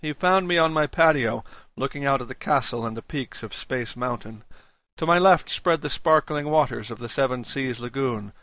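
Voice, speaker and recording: Bright-voiced male audiobook narrator. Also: mid-range voice, moderate pace, no echo. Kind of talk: first-person audiobook narration.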